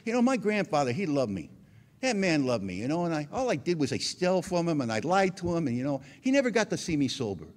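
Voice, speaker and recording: A man's voice: fairly high pitch, big pitch swings, fast. A man speaking at a recovery meeting, telling his own story conversationally with frequent asides. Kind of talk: personal testimony talk.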